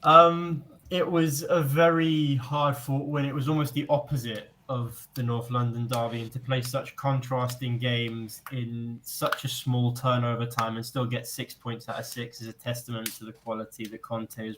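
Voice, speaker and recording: A man's voice: medium pitch, moderate pace, hardly any pauses, slight background noise, low-quality recording. A young man calling in as a fan guest, giving an articulate, long-winded football match analysis over a remote call. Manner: articulate, even-toned, long flowing points.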